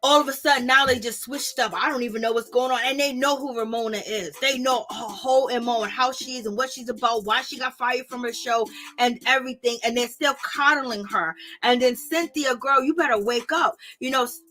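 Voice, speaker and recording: A woman's voice: fairly high pitch, a little fast, few pauses. A young woman vlogger ranting casually and exasperatedly to her viewers, using lots of slang. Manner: exasperated, animated, slangy, talks to viewers directly. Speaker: vlogger reviewing reality TV.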